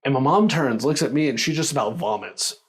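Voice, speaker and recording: A man casually telling a personal story, animated and full of fillers, laughing along as he goes. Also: medium pitch, a little fast, slightly rough. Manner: animated, acts out quoted lines, filler-heavy.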